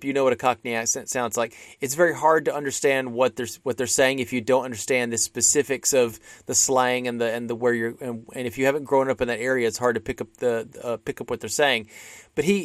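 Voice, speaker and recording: A male podcast co-host chats casually about classic films, rambling with lots of restarts and fillers. His voice is mid-range, and there's no echo.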